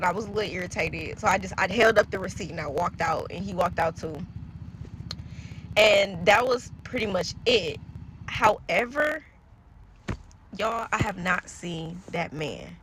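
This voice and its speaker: A woman's voice: lowish voice, a bit bright, a little hiss or hum. A woman earnestly recounting a personal faith story to her followers. She rambles, trails off and keeps speaking to viewers directly. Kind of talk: casual spoken testimony to followers.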